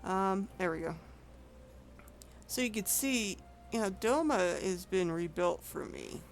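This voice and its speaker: A woman's voice: mid-range voice, expressive, takes it slowly, gravelly, slight background noise. A woman streaming an online game, chatting casually and rambling with frequent self-corrections. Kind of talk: casual gameplay commentary.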